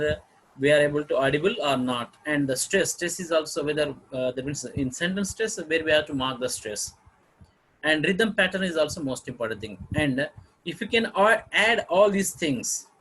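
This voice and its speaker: A man giving a phonology lecture, halting often with fillers and repeating phrases. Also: a little high, a bit bright, slightly rough, rough recording.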